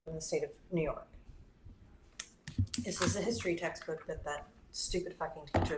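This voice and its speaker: A woman's voice: sits low, fairly even intonation, moderate pace, long pauses, reverberant, heavy background noise. A woman co-hosting a podcast, speaking casually and matter-of-factly, reading details out of a book. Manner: matter-of-fact, reads out from a book. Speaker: podcast co-host. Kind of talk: casual chat.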